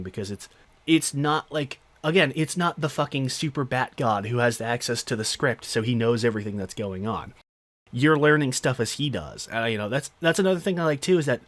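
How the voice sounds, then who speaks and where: A man's voice: medium pitch, a bit bright, no echo. A man hosting a podcast, giving an unscripted, rambling solo film review with lots of fillers and casual swearing. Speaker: podcast host.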